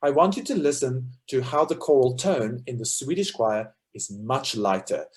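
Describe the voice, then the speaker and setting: Man, lecturer, choral conductor, explanatory talk, mid-pitched voice. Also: moderate pace. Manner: explanatory, guiding listeners through examples. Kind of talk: illustrated talk on choral music.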